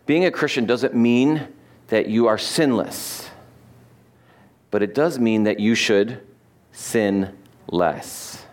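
A man's voice: medium pitch, slow, long pauses. A man preaching a conversational sermon, joking with the congregation and explaining words with frequent fillers. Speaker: pastor.

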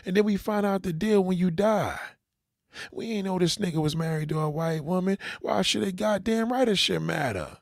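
A man's voice: high-pitched, normal speed, creaky, dry recording, clean studio sound. A man delivering an angry, profanity-heavy rant as a commentator, talking straight to his audience.

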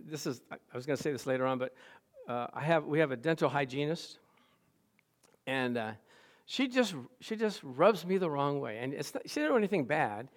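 A man's voice: fairly high pitch, animated, brisk. A male pastor giving a sermon with humorous, self-deprecating stories.

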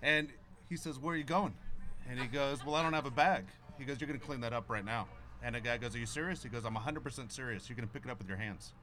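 Fast-talking male co-host over a crowd. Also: mid-range voice. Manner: fast, lively storyteller. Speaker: radio show co-host. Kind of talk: casual chat.

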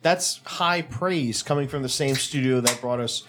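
A man in casual group chat, throwing in quick jokes and laughing often. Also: medium pitch, music in the background.

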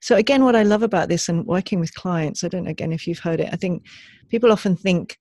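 A woman co-hosting a podcast, explaining things in a gentle, casual way and laughing often. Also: fairly low pitch, fast, no room sound. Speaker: podcast co-host. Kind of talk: casual conversational podcast chat.

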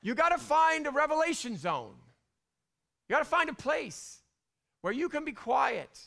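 A middle-aged male pastor delivers a sermon in a high, bright voice. He is animated, sinking to hushed whispers and climbing to loud bursts. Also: measured pace, vocal fry.

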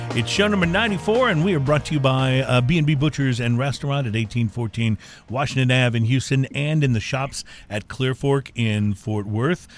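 A man hosting a radio talk show in an upbeat, conversational manner, introducing and interviewing a guest. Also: mid-range voice.

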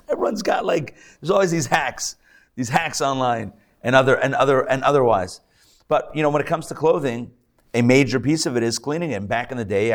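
Before a live audience, a rabbi leads a class in a mid-range male voice, keeping things conversational with jokes on the side and plenty of fillers and false starts.

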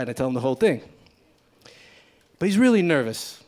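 A man's voice: on the high side, lively intonation, moderate pace. A man telling a personal story live in a casual, profane way, acting out the voices of the people in it. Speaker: storyteller at a live reading series.

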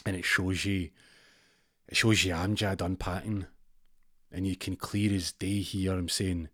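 Scottish man, low voice, rambling comic storyteller, deadpan asides, dry close sound. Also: a little slow, long pauses, no echo.

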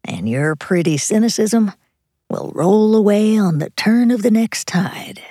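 A woman's voice: medium pitch, lively intonation, a little slow, mellow, no room sound, clean studio sound, voice pushed up. A woman reading a fond, coaxing husband. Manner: earnest, coaxing. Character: charming husband, fond and hopeful.

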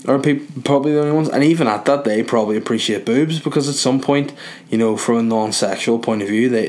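A man's voice: on the low side, a little mellow. Rambling Northern Irish man joking crudely. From Northern Ireland. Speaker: vlogger. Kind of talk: rambling comic monologue. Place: in bed.

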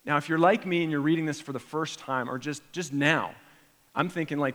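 A man preaching a sermon, animated, acting out imagined prayers with sudden rises in pitch and volume. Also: brisk. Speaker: pastor. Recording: long hall reverb.

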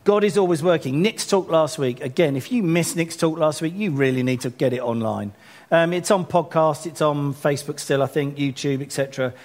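A man leading a church gathering as pastor, chatting through announcements in a self-deprecating way and growing animated when he urges the congregation on. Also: a little high, brisk.

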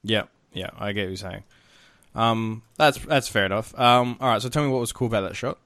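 A man's voice: on the low side, fairly quick, fairly bright tone, dry recording. A man hosting a podcast, laid-back and laughing easily as he retells a film plot. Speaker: podcast host.

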